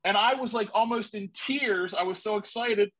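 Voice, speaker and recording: Husky, excitable man telling a story. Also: high voice, moderate pace, low-quality recording. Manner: rambling and excitable, with many restarts. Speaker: panel guest. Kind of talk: casual storytelling.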